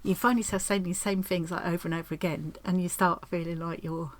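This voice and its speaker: A woman's voice: on the low side, fairly even intonation, fairly quick. A woman chatting at home in a craft vlog, rambling and effusive, often restarting her sentences. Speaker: craft vlogger. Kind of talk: casual chat while opening post.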